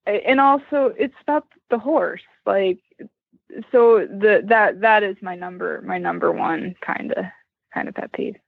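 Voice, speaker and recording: A woman's voice: mid-range voice, a little slow, gravelly, no echo. A woman from Western Pennsylvania, a guest chatting animatedly and telling stories with lots of "like.". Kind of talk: casual storytelling interview. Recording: tinny phone line, remote call.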